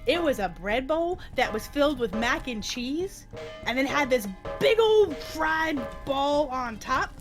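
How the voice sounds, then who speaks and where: Animated, high-voiced woman telling a story. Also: unhurried, music in the background. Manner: animated, giggly, talkative, many restarts. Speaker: co-player and storyteller on a game stream. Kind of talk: casual storytelling chat during gameplay.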